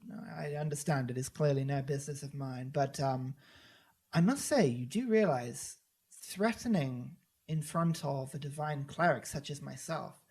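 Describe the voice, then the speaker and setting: A man playing a pompous, smooth-talking cleric. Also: medium pitch, normal speed, darkish tone. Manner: pompous, formal and politely wheedling. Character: smooth-talking, self-important male human cleric.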